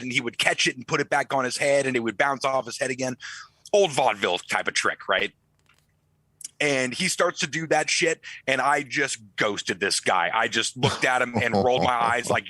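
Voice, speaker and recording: Bright-voiced man telling a rambling story. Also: mid-range voice, normal speed, no echo, rough recording. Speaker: podcast co-host. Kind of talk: casual chat, storytelling.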